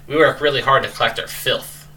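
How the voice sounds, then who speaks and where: A proud, earnest male cockroach who trains to fight, as a man voices him. The voice is very bright and a bit distant. Faint noise sits underneath it. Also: mid-range voice, fairly even intonation, a little fast, natural voice.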